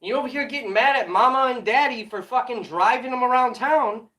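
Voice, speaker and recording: A woman's voice: on the high side, a little fast, a bit bright. A woman hosting a livestream, scolding her chat in a heated, profanity-filled commentary rant. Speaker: livestream host.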